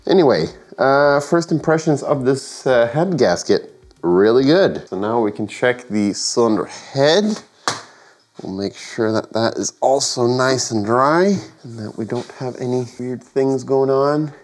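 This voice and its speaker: A man's voice: medium pitch, lively intonation, a little slow. A man sounding sick, casually narrating his engine work in a garage and thinking aloud with hesitant fillers and self-corrections. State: sick, voice affected by illness. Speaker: home mechanic and channel host. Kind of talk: casual workshop narration while working. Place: home garage workshop.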